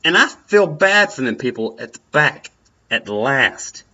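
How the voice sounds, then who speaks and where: A man's voice: medium pitch, big pitch swings, unhurried, sharp tone. A young man giving earnest, encouraging advice in a personal talk, often repeating his phrases. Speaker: vlogger. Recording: dull lo-fi sound.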